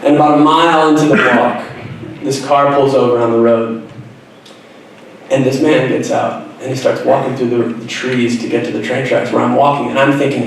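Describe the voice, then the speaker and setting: A man's voice: medium pitch, fairly even intonation, normal speed, slight background noise. A young man, an author, telling a personal story to a school audience, earnest and reflective with self-deprecating humor. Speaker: author giving a school talk. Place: school auditorium. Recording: very echoey hall, voice from far off.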